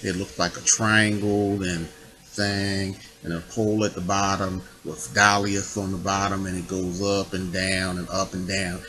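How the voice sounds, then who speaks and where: Man, unhurried digressive monologue, sharp tone, lots of rhetorical asides. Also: deep voice, flat delivery, rough recording. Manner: digressive, full of rhetorical questions. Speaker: public official making his own videos. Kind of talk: rambling spiritual monologue.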